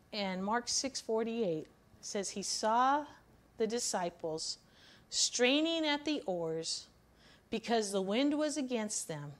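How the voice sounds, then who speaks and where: A woman's voice: mid-range voice, a little hiss or hum. A woman giving a weekly devotional sermon, teaching from the Bible in an earnest, emphatic way. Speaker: devotional speaker.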